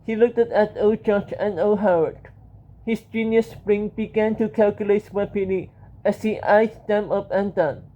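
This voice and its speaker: A reader narrating a children's storybook aloud in a plain, steady way, in a dull lo-fi recording. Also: medium pitch, unhurried, a little hiss or hum.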